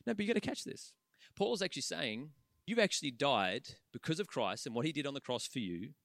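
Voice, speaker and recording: A man preaching a sermon in church, animated and conversational, acting out the voices of the people he talks about. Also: medium pitch, a little fast, gravelly, no room sound, clean studio sound.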